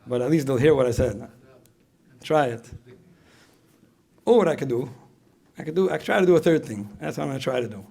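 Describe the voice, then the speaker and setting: Guy lecturing parents, gravelly voice, talks fast, keeps repeating himself. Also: medium pitch, animated, darkish tone. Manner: repeats phrases, asks the audience questions. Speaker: speaker at a parenting retreat. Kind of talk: conversational lecture.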